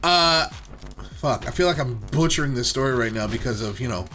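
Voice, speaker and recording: A man's voice: mid-range voice, lively intonation, brisk, pushed and bright. A man co-hosting a gaming show, telling a long, rambling story full of fillers. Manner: rambling, filler-heavy anecdote. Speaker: let's play co-host. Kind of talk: casual storytelling while gaming.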